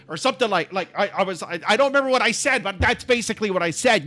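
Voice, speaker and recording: A man hosting a live stream, telling a story in an animated, exasperated way, swinging from calm to yelling. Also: high-pitched, fast, hardly any pauses, no room sound.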